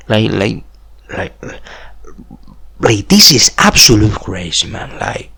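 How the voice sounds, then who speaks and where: Young man in his twenties, unhurried, rambling delivery with swooping pitch. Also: sing-song, vocal fry, sharp tone, husky. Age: 20s. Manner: rambling, repeats "like", chuckles between phrases. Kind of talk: rambling monologue.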